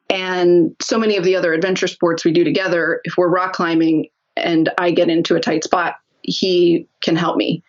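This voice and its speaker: Woman guest telling stories, laughs a lot, kinda dull lo-fi audio. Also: fairly low pitch. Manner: lively, laughs often, acts out quotes. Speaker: podcast guest. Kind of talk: casual storytelling interview.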